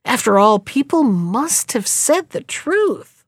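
A woman's voice: on the high side, very animated, takes it slowly, dry recording, clean studio sound, heavily acted. A woman voicing a crafty old peasant man who feigns wonder to fool his wife. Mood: sly. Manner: sly, coaxing, feigns wonder.

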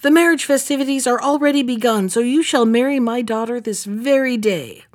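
A woman reading the lines of a proud, excitable old king in a fairy tale, exclaiming and commanding. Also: a little high, a little fast, no echo, clean studio sound, close to an everyday voice.

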